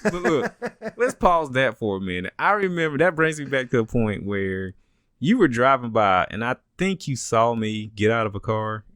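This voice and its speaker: Animated, laughing male podcast co-host. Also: medium pitch, moderate pace, no room sound, clean studio sound. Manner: laughs often, acts out voices in stories. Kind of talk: casual chat, storytelling.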